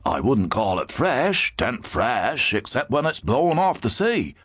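An actor playing a wise, protective old man who speaks in an old-fashioned rustic dialect, measured and grave. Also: mid-range voice, very animated, a bit bright, husky, no room sound, clean studio sound, exaggerated voice. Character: wise old male gyptian elder, protective.

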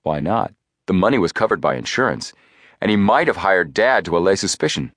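A man reading the part of a steady, level-headed teenage boy detective in a storybook. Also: low voice, fairly quick, no room sound, studio quality. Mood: reasoning.

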